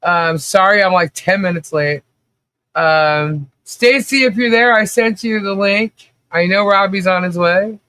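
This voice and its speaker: A woman hosting a casual livestream, bubbly and greeting viewers one after another, with a low voice she says people mistake for a man's. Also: a bit bright, no room sound. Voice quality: low voice often taken for a man's. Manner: bubbly, greets chat viewers rapidly by name. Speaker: livestream host. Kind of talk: casual live chat.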